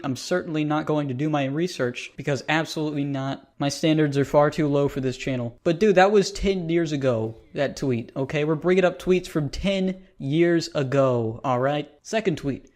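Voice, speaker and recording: A man's voice: on the high side, normal speed, hardly any pauses, a little mellow. A man giving casual reaction commentary as a YouTuber, sarcastic and exasperated as he rants.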